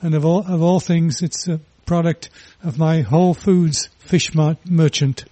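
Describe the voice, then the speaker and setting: Enthusiastic guy co-host, bit high voice, keeps restarting his sentences. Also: fairly even intonation, unhurried, warm tone, dry recording. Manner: enthusiastic, repeats words as he restarts. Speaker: radio co-host. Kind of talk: casual interview chat.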